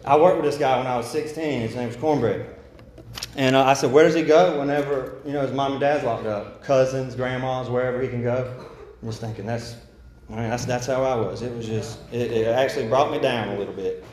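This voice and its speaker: Halting young preacher in an echoey church. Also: male voice, medium pitch, darkish tone. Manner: halting, many restarts and fillers; slow measured scripture reading. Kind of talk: sermon. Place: church sanctuary.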